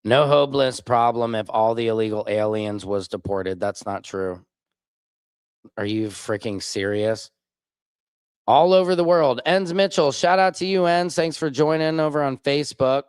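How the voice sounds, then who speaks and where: A man's voice: medium pitch, moderate pace, smooth, no echo. A man hosting a live stream, reading viewer comments and answering them bluntly and sarcastically. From Missouri. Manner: blunt, sarcastic, reacts loudly to clips.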